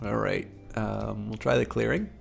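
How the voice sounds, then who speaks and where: A man's voice: on the low side, fairly even intonation, normal speed, creaky, soft background music. A man streaming a game live and chatting playfully with viewers at his desk mic.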